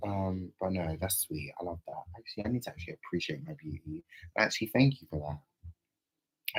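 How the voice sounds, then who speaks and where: A man chatting casually on a livestream, playful, with sudden loud outbursts. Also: fairly low pitch, animated, moderate pace, breathy edge, rough recording.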